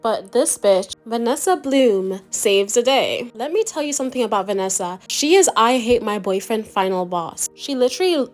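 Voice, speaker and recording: A woman's voice: on the high side, expressive, normal speed, few pauses, faint music behind. A young woman narrating a comedic movie recap in a crude, sarcastic, mocking way.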